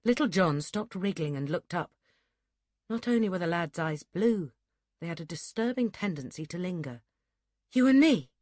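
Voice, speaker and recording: A woman narrating an audiobook in a steady, measured reading. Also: on the low side, no echo, studio quality. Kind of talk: scripted narration.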